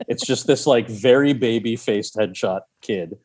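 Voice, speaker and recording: Lively man telling a story. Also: medium pitch, measured pace. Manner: animated, acts out quoted voices in his anecdotes. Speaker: guest. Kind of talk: storytelling in a podcast interview.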